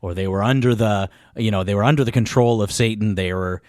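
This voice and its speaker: Low-voiced man, rambling podcast chat. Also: darkish tone, no echo, clean studio sound. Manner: rapid, rambling, laughs often. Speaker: podcast co-host. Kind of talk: casual chat.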